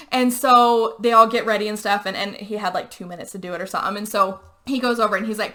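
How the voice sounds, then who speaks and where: A woman hosting a podcast, casually retelling a movie plot with lots of "like" and quick quoted character voices. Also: on the high side, expressive, pushed and bright. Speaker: podcast host. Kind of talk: casual movie recap chat.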